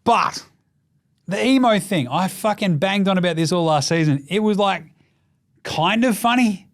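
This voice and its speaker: An Australian man hosting a basketball show, talking in a casual, profane and mocking way, getting loud when he rants. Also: lively intonation, a little slow. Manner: gets loud and high when ranting. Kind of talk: casual sports commentary rant.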